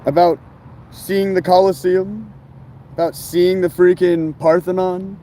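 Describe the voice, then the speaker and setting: A man's voice: sits high, steady tone, a little slow, mellow, slight background noise. A man talking in a rambling, casual monologue full of slang and fillers about life on the road. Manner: meandering, filler-heavy, laid-back slang.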